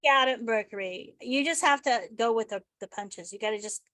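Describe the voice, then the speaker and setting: A woman's voice: a little high, normal speed, fairly bright tone, dry recording. An American woman hosting a podcast interview over an online call, chatty and rambling, laughing easily. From United States. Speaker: podcast host. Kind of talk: casual remote interview chat.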